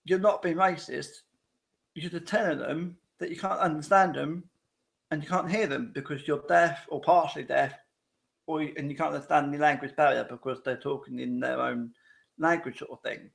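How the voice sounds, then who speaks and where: A man's voice: a little high, fairly even intonation, normal speed, vocal fry, fairly bright tone. A man hosting a casual live-stream chat, rambling and often restarting his sentences while checking in with viewers. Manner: rambling, repetitive, frequent restarts; addresses viewers directly with tag questions.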